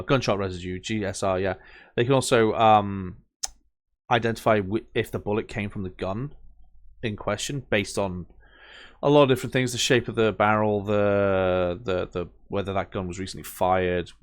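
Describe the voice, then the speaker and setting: A man's voice: on the low side, fairly even intonation, normal speed. A young man casually commenting while playing a game, rambling off on tangents with lots of fillers. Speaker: gamer reading and commenting on a game. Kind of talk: let's play commentary.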